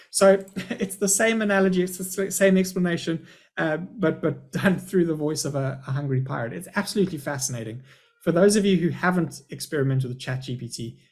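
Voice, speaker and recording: A man's voice: fairly high pitch, fairly quick. A middle-aged man, a school principal, giving a chatty, upbeat live webinar presentation over a video call.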